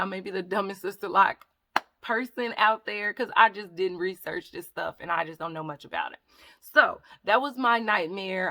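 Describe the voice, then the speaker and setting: Woman vlogger rambling on in a chatty storytime, mid-pitched voice, keeps saying y'all. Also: fairly bright tone. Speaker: hair vlogger. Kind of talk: casual storytime vlog.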